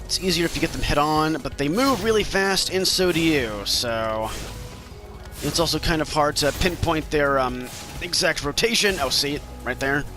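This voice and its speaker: Male gamer from Maine, joking commentary, bright lively delivery, game music underneath. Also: fairly high pitch, normal speed. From Maine, USA. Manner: playful, jokey, talks to the game characters. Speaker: gameplay commentator. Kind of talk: casual gameplay commentary.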